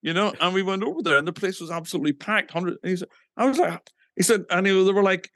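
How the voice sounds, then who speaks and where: Man from england, musician telling band stories, acts out the quotes, slightly raised pitch, dry sound. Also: fast talker, no echo. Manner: animated, acts out quoted dialogue, swears casually. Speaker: musician recounting his band's history. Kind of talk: casual anecdotal storytelling.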